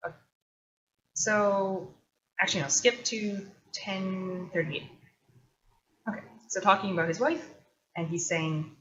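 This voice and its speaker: A woman's voice: medium pitch, a little slow, pauses often, a bit bright. A woman hosting a casual solo talk, chatty and thoughtful, with loose asides. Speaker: host. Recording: dull lo-fi recording.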